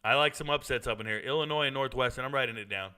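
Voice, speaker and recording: A man hosting a live-streamed sports talk show, animated and repeating his points for emphasis. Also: mid-range voice, fast talker, smooth.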